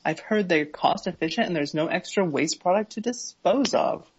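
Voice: mid-range voice, expressive, moderate pace, husky, highs cut off. A co-host in a casual chat, reading comments and giving dry, skeptical retorts.

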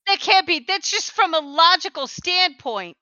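A woman's voice: very high-pitched, expressive, normal speed, pushed and bright, no room sound. A woman co-hosting a casual podcast chat, ranting in exasperation and swearing freely, on a slightly dull recording. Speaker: podcast co-host.

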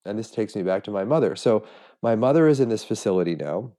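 Middle-aged male podcast host, low mellow voice, earnest and reflective, has a cold. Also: lively intonation, fast. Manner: earnest, self-searching, frequent restarts. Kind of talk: reflective solo podcast monologue.

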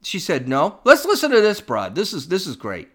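A male podcast host delivers scornful, opinionated commentary, often stumbling and restarting his sentences. His voice sits high and swings widely in pitch. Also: wildly swooping pitch, normal speed, noisy background.

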